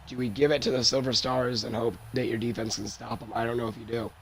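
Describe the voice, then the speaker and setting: A young man calls a football game play by play, his voice hoarse and worn out. It is gravelly and cracks upward when a big play comes. A faint hiss sits under the recording. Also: quick pace. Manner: excitable, voice cracks high on big plays. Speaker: play-by-play commentator of a simulated football league. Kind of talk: solo sports commentary over a video game.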